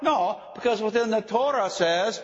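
A man preaching a sermon, slow and emphatic, often putting questions to his listeners. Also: high-pitched, lively intonation. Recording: dull lo-fi recording in a reverberant hall.

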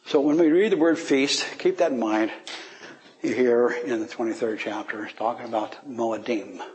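A man's voice: normal speed, slight background noise. A man giving an informal Bible teaching, asking his listeners rhetorical questions and chuckling as he explains. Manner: rhetorical questions, chuckles, pitch swings for emphasis.

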